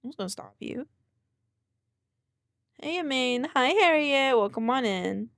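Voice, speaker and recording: A woman's voice: high voice, animated, measured pace, a bit bright, dry recording, studio quality. A young woman streamer chatting casually with her live chat in a sleepy, laid-back way, counting out exercise reps as she goes.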